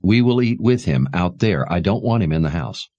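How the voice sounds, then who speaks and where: A man voicing a weary, protective mother who speaks softly and tenderly in a storybook reading. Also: deep voice, lively intonation, moderate pace, no echo, muffled recording. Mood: firm. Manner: soft, tender.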